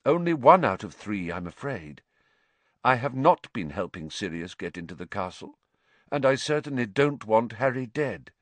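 Brief: narrator doing a gentle, tired teacher, cool and measured, lively pitch, dry sound. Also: male voice, dry recording. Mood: calm. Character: calm weary male teacher, gentle.

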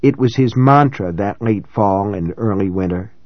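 A man reading a novel aloud in first person, measured and reflective, in a dry, slightly dull recording. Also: lowish voice, dry recording. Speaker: audiobook narrator.

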